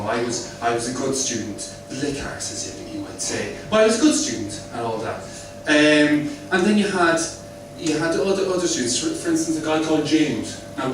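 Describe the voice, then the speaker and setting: A man's voice: a little high, far from the mic, background noise. Irish man doing stand-up in an echoey club. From west of Ireland. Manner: chatty, rambling, asks the crowd questions. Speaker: stand-up comedian. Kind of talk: stand-up set with crowd work. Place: comedy club.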